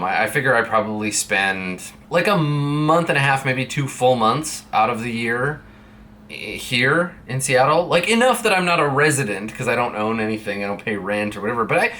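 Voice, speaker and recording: Chatty young man, bright tone. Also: medium pitch, very animated, moderate pace, slight background noise. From Canada. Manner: rambling, chatty, with playful put-on voices in quoted dialogue. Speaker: vlogger. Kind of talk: casual chat to camera. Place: a friend's streaming room indoors. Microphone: streaming setup mic.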